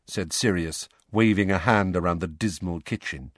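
A man reading an audiobook as narrator, in an expressive storytelling manner. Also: sits low, moderate pace, dry recording, clean studio sound. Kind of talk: scripted narration.

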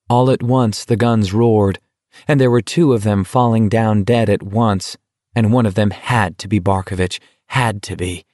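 A man reading a novel aloud as a dramatic audiobook narrator, measured and unhurried. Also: lowish voice, dark tone, no echo, studio quality.

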